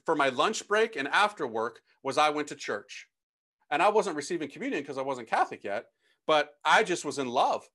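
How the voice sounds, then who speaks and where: A man who is a priest, from the United States, telling his own testimony to an audience in an animated, slangy, emphatic way. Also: a little high. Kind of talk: personal testimony talk to an audience.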